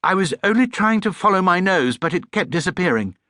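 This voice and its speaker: A man's voice: expressive, fairly quick, sharp tone, dry recording, studio quality. A man voicing Paddington, an earnest young bear. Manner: earnest, indignant, high and eager. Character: small polite earnest young male bear.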